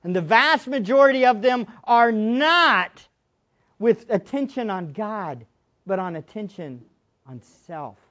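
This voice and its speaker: A woman preacher giving an impassioned sermon, moving between loud exclamations and hushed asides. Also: mid-range voice, expressive, a little slow. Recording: dull lo-fi sermon recording.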